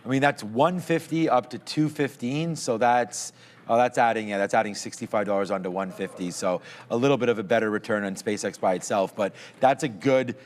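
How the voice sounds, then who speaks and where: A man's voice: fairly low pitch, brisk, slight background noise. A man co-hosting a live stock market show, talking in a rambling, conversational way and chuckling at himself now and then. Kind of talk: casual market chat.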